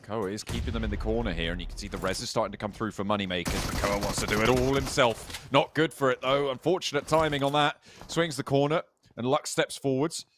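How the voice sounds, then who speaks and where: A man doing live esports play-by-play, rattling off the action in quick, excited bursts. His voice sits in a middle pitch, and he breaks into easy laughter with his partner between calls. A faint hiss of background noise sits under his voice.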